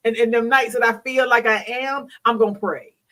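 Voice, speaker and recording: A woman's voice: on the high side, fairly even intonation, normal speed, fairly bright tone, far from the mic, low-quality recording. Frank middle-aged woman, a bit off-mic. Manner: frank and bawdy, preachy, laughs often. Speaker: host; hospital worker. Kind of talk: candid solo talk.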